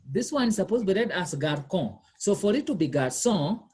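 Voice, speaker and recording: Here a woman talks rapid-fire in an expressive, mid-range voice, mellow with a breathy edge. As a language tutor in a one-on-one session, she quizzes the learner and patiently repeats her questions while explaining.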